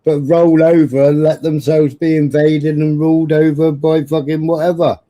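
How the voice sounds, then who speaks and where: A man's voice: on the high side, flat delivery, moderate pace, dark tone. A man on a livestream call, pushing back bluntly with swearing in a heated political argument.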